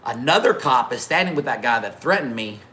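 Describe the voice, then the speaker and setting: A man's voice: mid-range voice, fairly quick, slight background noise. A man hosting a livestream, telling casual swearing stories to his chat and greeting viewers by name between them. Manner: animated, swearing, laughing through anecdotes. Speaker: livestream host. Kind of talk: casual storytelling to a live chat.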